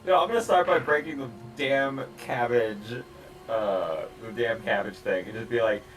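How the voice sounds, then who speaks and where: A man playing a tabletop game, answering the game master in a slow, hesitant way. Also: medium pitch, fairly bright tone, recorded from a distance, faint music behind, poor audio. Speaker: player.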